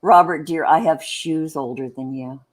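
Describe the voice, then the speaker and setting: An older woman co-hosting a casual live-stream chat, teasing and bawdy with quick asides. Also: deep voice. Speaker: co-host.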